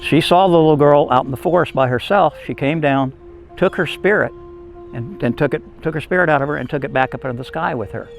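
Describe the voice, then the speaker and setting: A man voicing a wise village shaman in a storybook tale, explaining things calmly. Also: on the high side, fast, vocal fry, soft background music. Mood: solemn.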